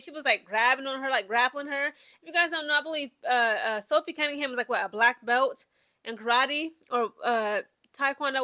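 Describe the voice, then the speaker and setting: A woman's voice: high voice, bright, forceful tone. A woman giving a casual, chatty recap of a basketball game, talking in with lots of fillers and asides. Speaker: sports commentary vlogger. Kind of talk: casual sports recap chat.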